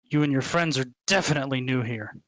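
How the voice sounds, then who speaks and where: A man voicing a massive, suspicious male minotaur tavern keeper who talks slowly. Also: mid-range voice, fairly bright tone, no room sound, close to an everyday voice.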